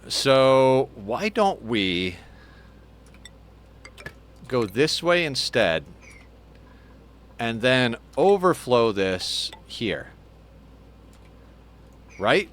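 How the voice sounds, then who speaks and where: A man giving casual let's play commentary, chatty and thinking aloud, now and then cooing softly to a pet. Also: medium pitch, sing-song, very slow, pauses often. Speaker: game streamer.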